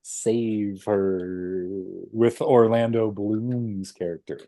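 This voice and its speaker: A young man with a low, mellow voice speaks slowly and hesitantly in a casual podcast chat, with lots of ums and laughter. The recording is dry and close. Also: steady tone, no echo. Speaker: podcast co-host.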